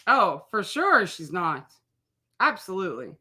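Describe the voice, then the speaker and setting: A woman's voice: mid-range voice, sing-song, a little slow, sharp tone. A woman co-hosting a live recap, laughing often and teasing her co-host in loose banter over a call mic. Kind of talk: casual chat, live show recap.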